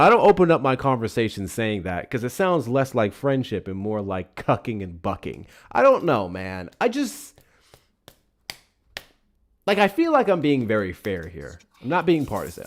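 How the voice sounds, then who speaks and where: A man hosting a live show, giving casual political commentary in an animated, profane rant. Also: medium pitch. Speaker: livestream host.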